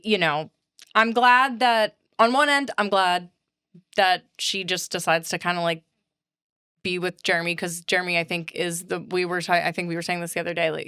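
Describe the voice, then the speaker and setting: A woman's voice: on the low side, bright, forceful tone, clear, resonant tone, no echo, clean studio sound. A woman co-hosting a podcast in casual chat, talking hesitantly with many fillers and restarts. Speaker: podcast co-host.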